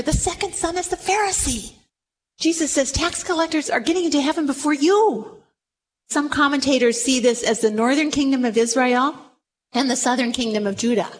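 A woman preaching a sermon to a room, retelling a story with animated, dramatic delivery. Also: a little high, a little hiss or hum, low-quality recording. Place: room with audience.

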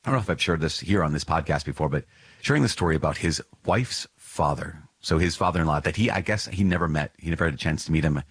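A man's voice: very deep voice, fast talker, breathy edge, no room sound. A man hosting a podcast, reading and reflecting on a religious text. He speaks earnestly and emphatically, often repeats phrases, and chuckles now and then. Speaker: podcast host.

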